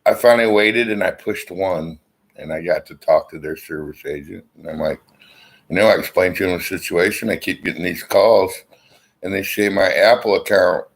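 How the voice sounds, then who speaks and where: A middle-aged man with a very low, gravelly voice talks to his viewers from his armchair. His rambling, blunt chat is full of swearing, and it is picked up by a laptop's built-in mic. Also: normal speed, low-quality recording. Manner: rambling, profane, blunt storyteller. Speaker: vlogger. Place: at home, seated in an armchair.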